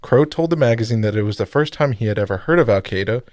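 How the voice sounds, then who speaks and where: A man's voice: medium pitch, expressive, quick pace, a little mellow, dry recording, clean studio sound. Rambling, joking male podcast co-host. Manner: rambling storyteller, joking, self-correcting. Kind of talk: casual podcast chat.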